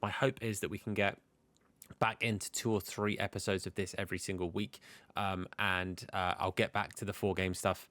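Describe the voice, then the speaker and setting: A young man chats through his football game like a match commentator, hiccuping now and then. His voice sits a little low, and the sound is close and dry. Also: level tone, normal speed, fairly bright tone, no echo. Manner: chatty, commentator-style play-by-play. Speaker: gaming YouTuber.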